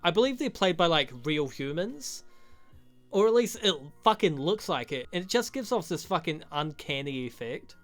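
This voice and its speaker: A man's voice: on the high side, sing-song, moderate pace, fairly bright tone, faint music behind. A young man giving a rambling, profane, joking recap of a movie as a reviewer. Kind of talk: crude comedic movie recap.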